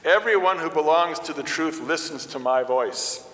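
A man reading the measured, solemn lines of an accused prophet answering his judge. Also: on the high side, a bit bright, pitched above the performer's own voice, lightly acted. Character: calm, steady accused prophet. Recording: echoey church hall.

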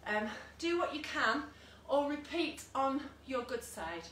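A woman fitness instructor with a high, bright voice leads an online workout, counting down and cheering people on. She is recorded from a distance in an echoey room at home. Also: sing-song, unhurried, a little hiss or hum. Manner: encouraging cues and countdowns with asides. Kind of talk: online exercise class instruction. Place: room at home, with a dog nearby.

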